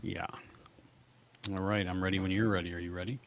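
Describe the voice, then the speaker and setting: A man with a very low voice chats casually as a podcast co-host. He sounds relaxed and easygoing, with frequent pauses and fillers. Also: a little hiss or hum.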